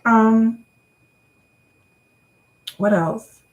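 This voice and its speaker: A woman's voice: on the high side, very slow, darkish tone, muffled recording. A woman in her thirties doing a casual question-and-answer vlog to camera, chatty, often repeating words and calling viewers y'all.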